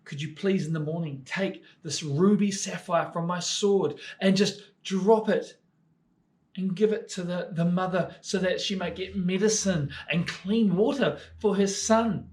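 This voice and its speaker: A man voicing a sorrowful, gentle statue of a prince in a children's story, talking softly. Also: sits high, measured pace, voice pushed up. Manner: soft, sad and imploring.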